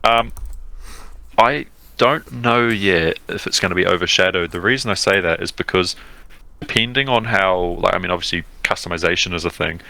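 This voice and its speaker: Male co-host, deep gravelly voice, rambling casual chat. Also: normal speed, bright, forceful tone, dry recording, low-quality recording. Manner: rambling, lots of fillers and restarts. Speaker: podcast co-host.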